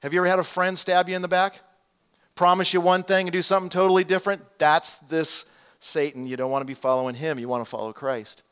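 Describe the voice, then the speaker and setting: A man, preaching a sermon to his congregation in an animated, conversational way with many asides. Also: high voice, fast talker, clear, resonant tone. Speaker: pastor.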